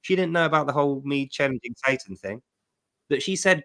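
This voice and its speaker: A middle-aged man tells a personal story on his livestream, his medium-pitched voice rising and falling as he presses his points home. He talks in an emphatic, animated way, like a testimony. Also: brisk. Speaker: livestream host.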